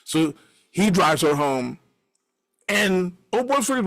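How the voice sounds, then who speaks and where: A man's voice: sits high, normal speed. Laughing, foul-mouthed middle-aged storyteller man. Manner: animated, laughing often, profane. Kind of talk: casual storytelling.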